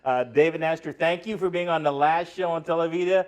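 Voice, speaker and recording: A man hosts a casual talk show interview. His voice sits a little high, and he keeps to short, relaxed prompts with quick laughs.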